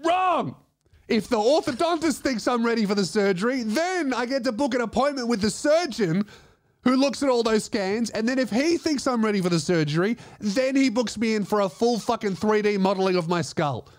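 An Australian man hosts a comedy podcast in a high voice, talking a little fast in clean studio quality with no echo. He tells stories casually, swearing often and laughing through them.

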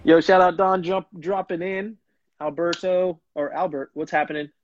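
A man's voice: sits high, fairly even intonation, moderate pace, dull audio, a little hiss or hum. A man hosting a show and casually telling a story, acting out quotes and restarting sentences as he goes. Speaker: show host and former pro soccer player.

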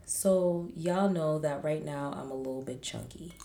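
Lively ranting woman in an echoey room. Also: low-pitched, a little slow, creaky. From Haitian family. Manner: animated, ranting with laughter. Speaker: podcast co-host. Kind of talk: casual chat.

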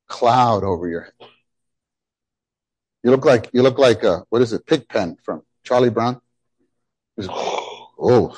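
A man's voice: mid-range voice, no echo. Emphatic middle-aged man preaching a sermon. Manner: animated, emphatic, repeats phrases. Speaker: pastor.

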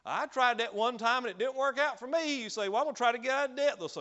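High-voiced preacher, swinging loud and low. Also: male voice, lo-fi sound. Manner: swings from loud, drawn-out cries to low, quick asides. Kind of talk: sermon.

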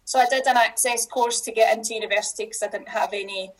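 A middle-aged Scottish woman with a high voice talks in a relaxed, chatty way as a podcast guest. She often breaks off and restarts her sentences and laughs easily along the way. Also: quick pace, low-quality recording. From Scotland. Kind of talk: casual podcast interview.

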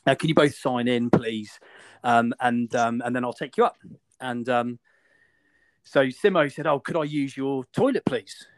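A man hosting a podcast, telling a funny story in a casual, animated way and laughing often. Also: medium pitch, unhurried, no echo.

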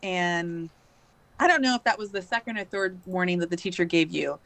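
A woman's voice: on the low side, normal speed, fairly bright tone, no room sound. A woman in her thirties, a podcast guest, telling a long story in a chatty way full of fillers. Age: 30s. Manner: chatty, many fillers and likes. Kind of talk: casual storytelling.

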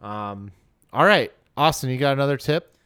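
A young man chats on a podcast and often laughs at himself. His voice is smooth and clear, at an ordinary middle pitch. The sound is close and dry. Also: lively intonation, moderate pace, fairly bright tone, no room sound. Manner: self-deprecating, laughs at himself. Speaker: podcast co-host. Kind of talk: casual podcast chat.

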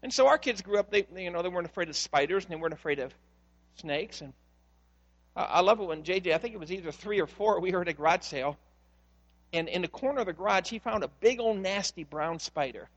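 A man preaching a sermon as pastor, telling stories in an animated way and acting out the voices in them. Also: sits high, quick pace, in a large hall, lo-fi sound. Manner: animated storytelling, acts out voices in quotes.

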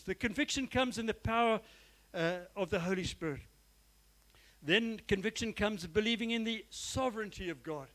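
High-voiced preacher, earnest. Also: male voice, fairly bright tone, rough recording. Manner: earnest, emphatic preaching with repeated phrases and direct address. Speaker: pastor. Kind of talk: sermon. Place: church.

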